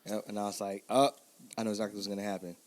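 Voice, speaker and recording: Low-voiced man, laughing podcast co-host. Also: monotone, racing. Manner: laughs often, rambling storyteller. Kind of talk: casual chat.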